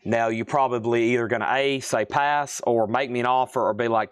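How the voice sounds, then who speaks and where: Live-sale host, man, mid pitch, rattles off prices and buyers, thinks aloud, dry room. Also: steady tone, fairly quick, few pauses, smooth, dry recording. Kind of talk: live auction selling.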